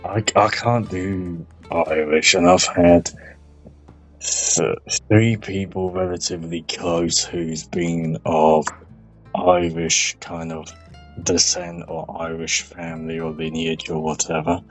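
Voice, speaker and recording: A man's voice: deep voice, expressive, slow pace, creaky, soft background music, rough recording. A man chatting casually during a game, hesitant, often restarting his sentences. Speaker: gamer on voice chat. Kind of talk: casual chat while gaming.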